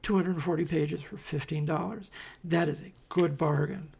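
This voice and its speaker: Gravelly, husky-voiced man, slow and wry. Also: fairly high pitch, steady tone, darkish tone. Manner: rambling, wry asides, many fillers and restarts. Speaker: comics reviewer. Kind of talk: casual commentary while paging through comics.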